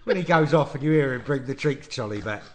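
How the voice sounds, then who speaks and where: A man hosts a casual podcast and tells anecdotes to his listeners, laughing and swearing as he goes. His voice sits at a middling pitch. A faint hiss runs under the recording. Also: animated, quick pace. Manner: laughing, swearing storyteller who addresses listeners. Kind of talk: casual chat.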